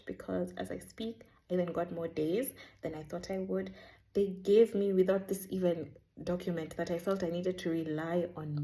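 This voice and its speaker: Woman vlogger, lowish warm voice, animated chatty storyteller. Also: moderate pace. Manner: chatty, animated, sprinkles in Swahili words. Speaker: vlogger sharing a faith testimony. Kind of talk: casual storytelling.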